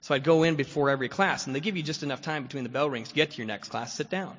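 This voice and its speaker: A man's voice: a little high, racing, fairly bright tone. A man giving a personal recovery talk as guest speaker at a meeting, rambling with constant fillers and frequent chuckles. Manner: rambling, full of "you know" fillers, chuckles often. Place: meeting hall. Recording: echoey hall, dull lo-fi sound.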